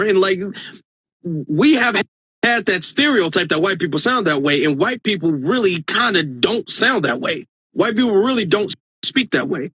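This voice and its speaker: A man with a notably high voice hosts a casual live stream into a phone. He talks earnestly and with emphasis, restarting sentences as he goes. The sound is dry and close. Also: big pitch swings, moderate pace, pushed and bright, slightly rough, no echo. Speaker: live-stream host reading viewer comments.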